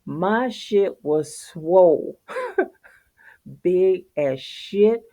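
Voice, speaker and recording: A woman's voice: on the low side, sing-song, extremely slow, warm tone. A middle-aged woman, telling viewers a casual, profane story and laughing often. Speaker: vlogger.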